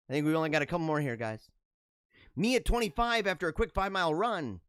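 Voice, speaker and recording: A man's voice: a little high, a bit bright, clean tone, no room sound, clean studio sound. A man in his forties hosting a casual solo show, reacting to memes with jokey, chuckling asides. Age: 40s. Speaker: podcast host.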